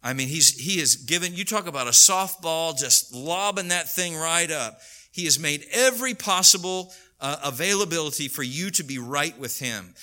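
A man's voice: on the high side, animated, moderate pace, sharp tone. A man preaching a sermon in an earnest, rising and falling delivery, now and then acting out the voices of people he quotes. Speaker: pastor.

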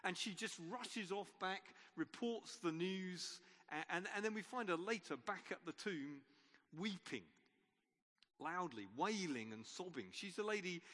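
A man's voice: sits high, expressive, a little slow, fairly bright tone. A man preacher giving an Easter sermon in an informal storytelling way, with wry asides. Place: church. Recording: long reverb of a church.

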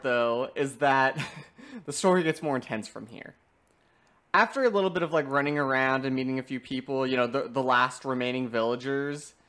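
A young man chatting casually about video games, animated and often breaking into laughter. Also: mid-range voice.

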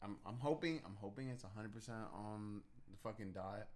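Young adult male co-host, low voice, hesitant and thoughtful delivery in casual chat. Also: normal speed, darkish tone. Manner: hesitant, searching for words. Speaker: podcast co-host.

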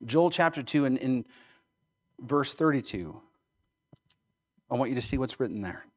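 A man's voice: medium pitch, lively intonation, unhurried. A male pastor preaching a sermon, emphatic, often checking in with rhetorical questions.

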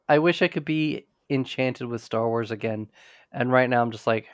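A man's voice: medium pitch, normal speed, no echo. A man co-hosting a podcast, casually recapping a TV episode in a rambling way, with frequent restarts. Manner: rambling, restarts often, quotes characters in passing. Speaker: podcast co-host.

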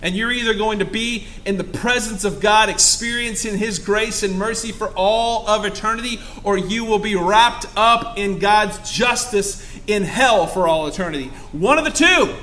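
Male pastor preaching hard, high bright voice, gets loud and emphatic. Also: fairly even intonation, normal speed, hardly any pauses, slight background noise. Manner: fervent, rising to emphatic exclamations. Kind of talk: sermon.

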